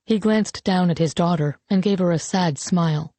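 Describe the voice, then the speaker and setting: A woman reads a novel aloud in an audiobook with a dark, mellow tone. Her storytelling is even and measured. The recording is dry and close. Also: fairly low pitch, no room sound. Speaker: audiobook narrator. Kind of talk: scripted narration.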